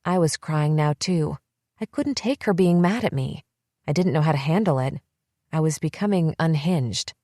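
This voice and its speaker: Lower-voiced woman narrating a thriller. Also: moderate pace, dark tone, dry recording, clean studio sound. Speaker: audiobook narrator. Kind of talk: scripted first-person thriller narration.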